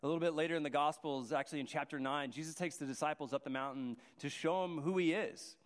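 A man's voice: on the high side, fast talker. A man preaching a sermon, earnest and restarting his phrases as he goes. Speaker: pastor. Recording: long hall reverb.

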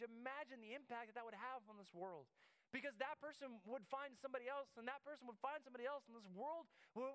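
High, bright-voiced man preaching. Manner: storytelling with many restarts and repeated words. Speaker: pastor. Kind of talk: sermon. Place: church sanctuary.

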